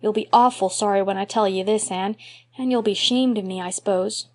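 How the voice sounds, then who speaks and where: A woman's voice: medium pitch, moderate pace, natural voice. A woman reading an audiobook, voicing an eager, mischievous little boy in a raised, childlike voice. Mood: pleading. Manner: excitable, pleading, childlike.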